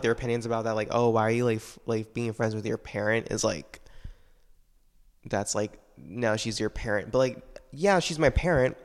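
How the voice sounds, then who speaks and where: A man's voice: lowish voice, big-room sound. A young man talking casually and at length about his life. He is tired, rambles, leans heavily on "like" and swears often. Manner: rambling, heavy use of "like", frequent swearing. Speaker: solo podcaster. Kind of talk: casual personal monologue.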